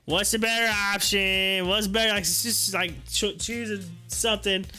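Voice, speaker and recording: A man's voice: high-pitched, steady tone, normal speed, bright, forceful tone, soft background music. A man hosting a stock market live stream, chatting casually, rambling, teasing his viewers and laughing often. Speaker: stock market livestream host.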